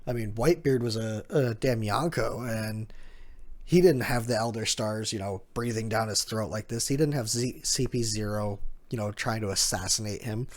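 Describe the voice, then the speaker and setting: A man's voice: on the low side, normal speed. A man casually narrating a manga chapter recap, with chatty fillers and asides. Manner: chatty, chuckling, filler words.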